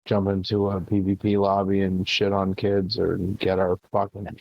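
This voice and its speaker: A man's voice: deep voice, completely flat delivery, normal speed, gravelly, highs cut off. A man co-hosting a casual comedy podcast, swearing freely and laughing often. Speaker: podcast co-host.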